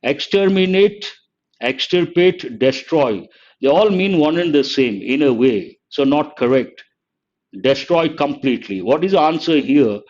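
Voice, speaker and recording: An older man teaching English vocabulary in a live online exam-prep lesson, explaining slowly and repeating words, sometimes scolding the chat. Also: a little high, lively intonation, a little mellow. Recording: dull lo-fi stream audio.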